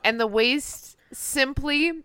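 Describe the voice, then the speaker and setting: A woman's voice: high voice, slow pace, pushed and bright, smooth, no echo. A young woman co-hosting a comedy podcast, reading a mock sponsor ad in a casual way. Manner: reading a mock ad, breaking into laughter. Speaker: podcast co-host. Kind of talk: comedic ad read, casual chat.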